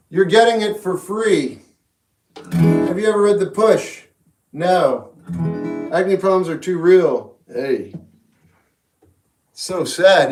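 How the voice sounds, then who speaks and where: A young man streaming live, chatting casually and jokingly with his viewers as he rambles from thought to thought. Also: sits high. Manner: rambling, jokey, talks back to chat. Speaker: livestreamer. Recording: roomy echo, faint guitar music behind.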